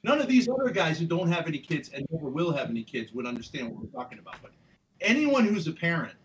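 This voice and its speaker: A man's voice: a little high, big pitch swings, quick pace, a little hiss or hum, poor audio. A man and parent arguing on a livestream, angry and defensive. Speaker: parent in a debate. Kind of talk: heated livestream argument.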